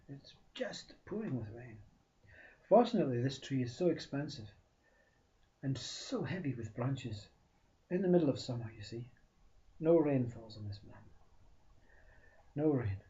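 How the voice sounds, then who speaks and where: Mellow man telling a parable. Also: mid-range voice. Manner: animated, repeats for emphasis, drops to whispers. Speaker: spiritual storyteller. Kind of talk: storytelling talk. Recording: dull lo-fi recording.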